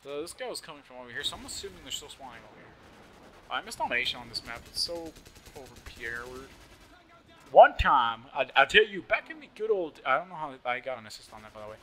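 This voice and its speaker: A young man with a slight lisp giving casual, joking live commentary over his own shooter gameplay, swearing often and yelling at other players. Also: mid-range voice, big pitch swings, fast talker. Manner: joking, swears often, yells at opponents and teammates.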